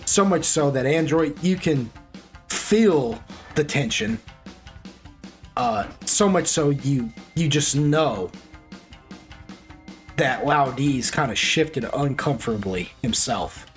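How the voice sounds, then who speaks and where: A male game master narrates a tabletop role-playing session, rambling through his scenes with a constant stream of "like" and "you know". His pitch swings in a lively way as he talks. Faint music plays under him. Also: slow, pauses often.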